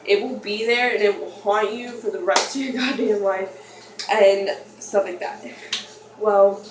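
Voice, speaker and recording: A woman's voice: mid-range voice, steady tone, measured pace. Young woman vlogging from an echoey room. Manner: rambling, confessional, many fillers and restarts. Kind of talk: personal storytelling vlog. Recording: echoey room, mic far off, faint noise.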